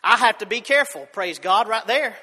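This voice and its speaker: A man's voice: high-pitched, lively intonation, brisk, pushed and bright, breathy edge. A man preaching a sermon in a church, fervent, often repeating and restarting his words. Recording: long hall reverb.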